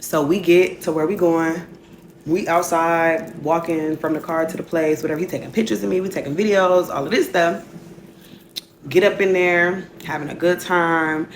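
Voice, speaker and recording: A woman's voice: fairly low pitch, fairly even intonation, moderate pace, slight background noise. A young woman telling a casual storytime, slangy and loose, filling her speech with "like" and "whatever".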